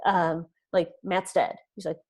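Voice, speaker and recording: A woman's voice: lowish voice, moderate pace, a little mellow. A woman in her thirties, a podcast guest, earnestly telling a personal story and acting out what people said. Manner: earnest, retells events with quoted dialogue.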